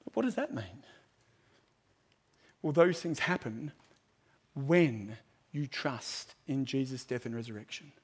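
A man preaching an evangelistic sermon to a live audience, building to loud, emphatic proclamations and then dropping to a hushed, earnest appeal. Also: mid-range voice, expressive, slow pace, pauses often, breathy edge. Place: large room with a live audience.

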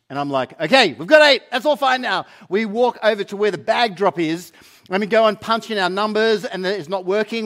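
Middle aged aussie pastor guy, kinda high voice, animated storytelling sermon. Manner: storytelling, animated and self-mocking.

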